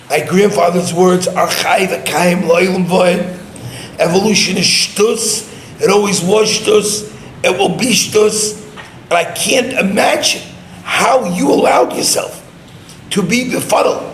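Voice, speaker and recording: Man, rabbi, sermon, emphatic and scornful, fairly high voice, faint hum. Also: slow pace. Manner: emphatic, scornful, sprinkled with Hebrew and Yiddish terms. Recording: roomy echo, faint background hum.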